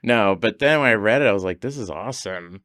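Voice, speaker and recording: A man's voice: on the low side, lively intonation, a little fast, fairly bright tone, no echo, clean studio sound. A man on a podcast telling stories in casual conversation, laughing often and acting out the voices of people he quotes. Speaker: podcast guest.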